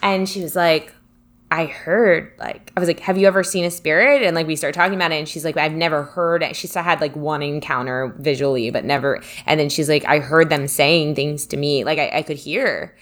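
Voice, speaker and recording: A woman's voice: low voice, fairly even intonation, a little fast, a bit bright. A woman co-hosting a casual chat, a tapping practitioner who adds frequent agreement and tells her own stories. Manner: chatty, frequent backchannel agreement. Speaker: podcast co-host, tapping practitioner.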